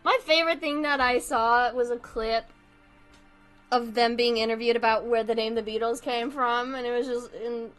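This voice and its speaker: Young woman rambling on stream while doodling, kinda high voice, keeps giggling, faint music behind. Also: steady tone, moderate pace, fairly bright tone. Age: young adult. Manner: giggly, scattered, self-mocking. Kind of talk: casual chat while drawing on stream.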